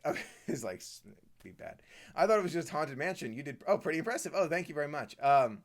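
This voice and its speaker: Man, live stream host, reads comments aloud, chatty, mid pitch. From Washington, D.C. area.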